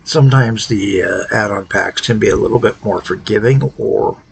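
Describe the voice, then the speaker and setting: Worn out guy talking thru a game tutorial, gravelly low voice, bit of hiss behind. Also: poor audio. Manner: halting, thinking aloud, low-key. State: tired, worn out. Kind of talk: casual gameplay tutorial commentary.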